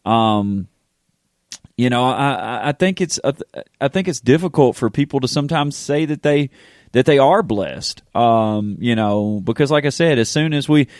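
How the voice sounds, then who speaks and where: Man, pastor co-hosting a podcast, rambling and animated, dry close sound. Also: mid-range voice, normal speed, dry recording. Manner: animated, rambling, self-interrupting with fillers. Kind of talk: casual faith podcast chat.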